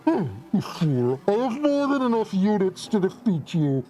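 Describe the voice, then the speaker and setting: A man voicing a scheming male alien warlord, speaking slowly and muffled through a hand over his mouth. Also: fairly high pitch, expressive, creaky, voice pushed down. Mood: scornful.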